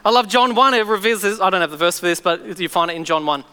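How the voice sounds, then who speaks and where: A man's voice: high voice, steady tone, quick pace, pushed and bright, smooth, in a large hall. A man preaching a sermon to his church, telling stories animatedly and acting out voices. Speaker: pastor.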